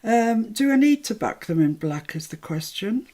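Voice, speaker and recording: A woman's voice: fairly high pitch, very animated, moderate pace, dark tone. An English woman hosting a live craft tutorial, chatting and thinking aloud as she works, with self-deprecating asides. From England.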